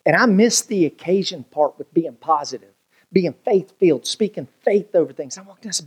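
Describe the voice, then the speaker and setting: A man's voice: high voice, a little fast, breathy edge. A man preaching a sermon as a pastor, telling funny everyday stories and acting out the people in them. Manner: humorous storytelling, animated quoted voices.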